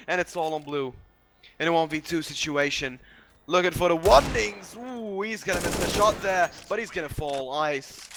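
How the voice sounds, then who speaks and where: A man casting a competitive shooter match as play-by-play commentator, excitable and rising on big plays. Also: mid-range voice. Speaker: esports caster. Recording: noisy stream with game gunfire behind. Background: game sounds, gunfire.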